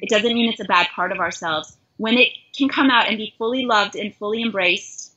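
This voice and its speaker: A woman's voice: mid-range voice, brisk, sharp tone, breathy edge. A middle-aged woman from Canada, a life coach, speaking in an earnest, heartfelt and self-reflective way in an interview conversation. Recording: dull lo-fi recording.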